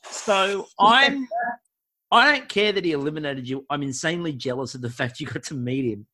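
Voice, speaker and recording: A man's voice: a little high, lively intonation, normal speed, pushed and bright. A man hosting a podcast, talking in an enthusiastic, theatrical way. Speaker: podcast host. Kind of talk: casual chat.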